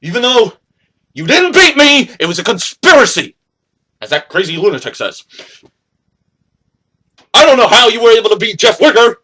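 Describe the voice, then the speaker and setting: Husky, high-voiced man trash-talking. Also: very animated, moderate pace, long pauses, pushed and bright. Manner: boastful, taunting. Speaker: wrestling promo character. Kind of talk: trash-talking wrestling promo.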